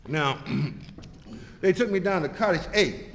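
A man telling his own story to an audience, halting and repeating himself, chuckling often and acting out the voices of others. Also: high-pitched, expressive, big-room sound, slight background noise. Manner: halting and repetitive, chuckling often, acts out quoted dialogue.

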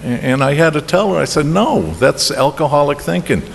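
A middle-aged man with a Boston accent tells a meandering personal story about his drinking at a recovery meeting, halting and restarting with chuckles. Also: a little high, lively intonation, creaky. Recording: reverberant hall with faint noise.

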